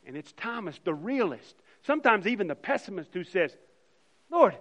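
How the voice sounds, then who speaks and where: A man preaching an Easter sermon as pastor, swinging from loud emphasis to soft, hushed lines. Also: high-pitched, big pitch swings, normal speed, long reverb tail.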